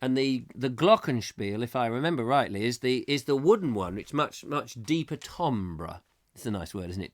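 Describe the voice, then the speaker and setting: A man's voice: medium pitch, lively intonation, normal speed. A man hosting a live comedy chat show, rambling whimsically and reading out viewer comments. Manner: whimsical, silly, reads viewer comments aloud. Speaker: host.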